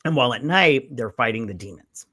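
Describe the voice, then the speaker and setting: A man talks through a film plot in a loose, rambling way, now and then acting out the characters' lines with a curse or two. His voice is bright, and the recording is dry and close. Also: medium pitch, lively intonation, fairly quick, no echo. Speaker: podcast co-host. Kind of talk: casual recap chat.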